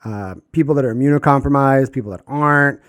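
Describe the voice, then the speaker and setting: A man co-hosting a podcast, chatting casually and telling animated stories, sometimes mimicking people in a much higher voice. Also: quick pace, no room sound, studio quality. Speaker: podcast co-host. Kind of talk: casual chat.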